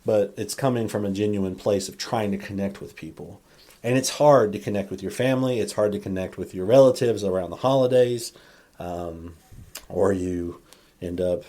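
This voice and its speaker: A man's voice: on the low side, dark tone. A man hosting a faith podcast, talking earnestly in a rambling monologue with frequent restarts and self-corrections. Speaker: podcast host.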